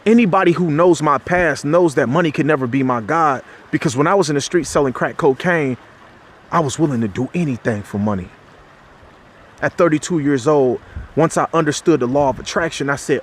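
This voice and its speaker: A man giving an impassioned spiritual talk, loose and conversational, with slang and restarts. He climbs sharply in pitch whenever he drives a point home. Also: moderate pace, a little hiss or hum. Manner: preachy, rises sharply in pitch when making a point. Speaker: motivational speaker.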